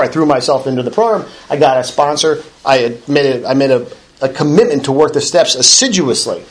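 A middle-aged man with a somewhat high voice, speaking to a recovery meeting. He talks in a loose, conversational way, restarting his sentences often. A dry, self-mocking humor runs through his account. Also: a little hiss or hum. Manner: conversational storytelling with frequent restarts; wry self-deprecating humor. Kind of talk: personal recovery talk.

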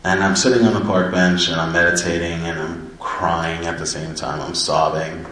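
A man's voice: low voice, flat delivery, moderate pace, a bit bright. A man earnestly and reflectively telling his personal story of recovery. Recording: very echoey room, distant mic.

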